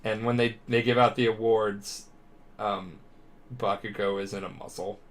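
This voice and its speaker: A man's voice: fairly low pitch, normal speed, slight background noise. A drunk man co-hosting a podcast, rambling and swearing as he retells a story in a casual way. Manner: rambling, profane, animated. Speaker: podcast co-host.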